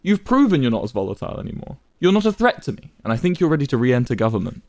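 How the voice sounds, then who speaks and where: Brief: man doing a cool, clipped young leader; lively pitch, dry. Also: rapid-fire, no room sound. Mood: persuasive. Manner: calm, clipped, cutting. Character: calm, cutting young male leader.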